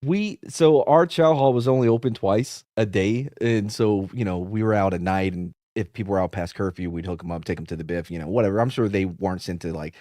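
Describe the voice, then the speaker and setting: A man's voice: lowish voice, a little fast, few pauses, warm tone, dry recording, clean studio sound. A man in his thirties hosting a podcast, telling rambling, profane stories in casual chat. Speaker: podcast host.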